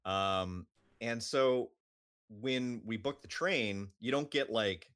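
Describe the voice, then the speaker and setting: Low-voiced man rambling through a story. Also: slow, a bit bright. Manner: rambling with many fillers, like and um. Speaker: podcast co-host. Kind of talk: casual storytelling.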